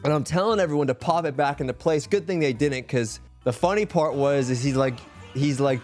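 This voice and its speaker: A young man streaming live, telling a story casually, animated and full of profanity. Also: on the high side, brisk, few pauses, faint music behind. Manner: profane, animated, heated retelling.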